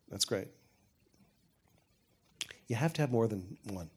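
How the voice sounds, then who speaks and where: A man's voice: medium pitch, animated, normal speed, pauses often. An older man, a television showrunner, answering audience questions in a frank, rambling way with many restarts. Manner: rambling, self-correcting, frank. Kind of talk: panel Q&A talk.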